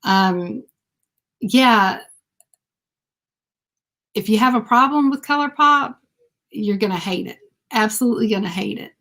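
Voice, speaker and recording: A woman's voice: mid-range voice, a little slow, pauses often, a bit bright. A woman, chatting casually on a livestream with lots of fillers and laughs. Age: 50s. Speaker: beauty vlogger.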